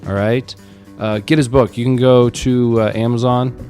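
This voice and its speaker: A man hosting a podcast, relaxed and joking, casually swearing while wrapping up an interview. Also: mid-range voice, moderate pace, faint music behind. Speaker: podcast host.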